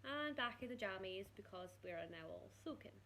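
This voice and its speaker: A woman's voice: medium pitch, animated, fairly quick, sharp tone. A woman talking casually to camera in a vlog, chatty and laughing often, cooing at her dog. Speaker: vlogger.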